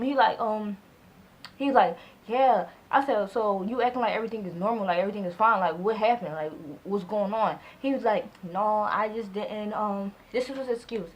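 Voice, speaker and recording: A woman in her twenties telling a storytime vlog in a casual, animated way, acting out both sides of conversations and filling her speech with "like". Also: mid-range voice, slight background noise, low-quality recording. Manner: heavy use of "like" as filler. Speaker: vlogger.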